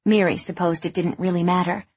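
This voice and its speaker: A woman narrating a novel in a measured, even storytelling voice. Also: lowish voice, husky, no echo. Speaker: audiobook narrator. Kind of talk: scripted narration. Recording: dull, dry studio sound.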